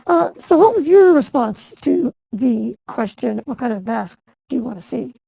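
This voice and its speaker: A woman's voice: on the high side, animated, normal speed, creaky, warm tone, dry recording, low-quality recording. A woman hosting a casual chat show in an easygoing, chatty way. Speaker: host.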